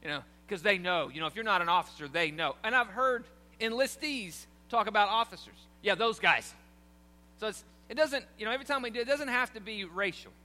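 High, bright-voiced preacher. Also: male voice, expressive, fast, hardly any pauses. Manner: conversational, asks the congregation questions. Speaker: pastor. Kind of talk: sermon. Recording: long hall reverb, faint hum.

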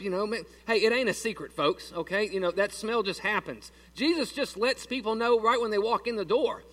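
A man's voice: high voice, brisk, a bit bright, far from the mic. A man preaching a sermon in a church, folksy and joking with his congregation. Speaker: pastor. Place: church sanctuary.

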